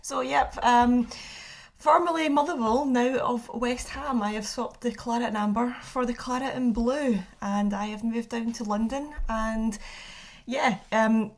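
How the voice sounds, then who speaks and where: A Scottish woman, a podcast guest, chatting brightly with frequent laughs and fillers. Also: fairly high pitch, steady tone, measured pace. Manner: bright and giggly, many fillers. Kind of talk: casual podcast chat.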